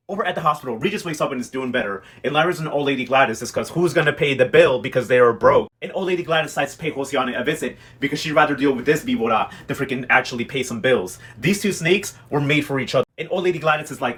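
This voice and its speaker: A man casually recapping a TV drama in a gossipy, animated way, acting out the characters' lines as he goes. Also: mid-range voice, quick pace, hardly any pauses, slightly rough. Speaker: host recapping a TV novela. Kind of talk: casual chat.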